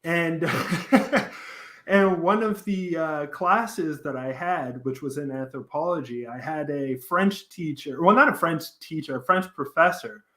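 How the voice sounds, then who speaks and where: A man from Montreal talks slowly, and his voice sits a little high. He rambles and laughs as he goes, losing words along the way. His voice sounds echoey, as if recorded in a bare room. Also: pushed and bright. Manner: rambling, laughs while talking, loses words. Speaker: host. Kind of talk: casual chat.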